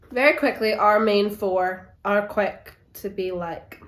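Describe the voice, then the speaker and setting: A woman chatting through a book review, animated and openly exasperated. Her voice sits at a middle pitch. It rings in a roomy, echoey space. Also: slow, few pauses. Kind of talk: casual book review vlog. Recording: roomy echo.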